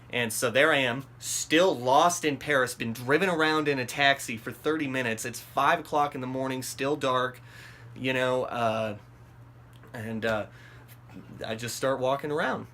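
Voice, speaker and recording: A man's voice: medium pitch, measured pace, a little hiss or hum. A man telling a wild story in a loose, rambling way, swearing often and piling up fillers. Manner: rambling and profane, many fillers and restarts; animated, voice jumps up when acting out his own panic. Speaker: vlog host telling a story. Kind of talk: casual storytelling.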